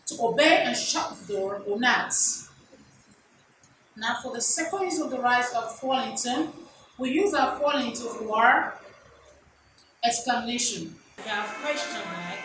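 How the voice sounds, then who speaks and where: A woman's voice: on the high side, lively intonation, fairly bright tone, very echoey, recorded from a distance, slight background noise, poor audio. A woman teaching an English lesson in a classroom style, asking rhetorical questions and answering them herself. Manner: repeats examples slowly.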